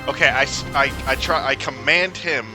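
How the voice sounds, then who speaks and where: A man playing in a tabletop game, eager and quick to act, sometimes reading rules aloud. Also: mid-range voice, music in the background. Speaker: player. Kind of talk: casual tabletop game chat.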